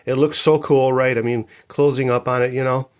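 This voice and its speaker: A man in his fifties chatting casually about his record collection, jokey and animated. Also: mid-range voice, brisk. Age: 50s. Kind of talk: casual show-and-tell vlog.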